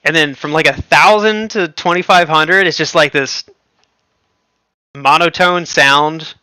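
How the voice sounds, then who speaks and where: A man's voice: a little high, a little slow, pushed and bright, clean tone, no room sound. A man hosting a livestream, chatting casually and rambling with lots of fillers and frequent laughs. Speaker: livestream host.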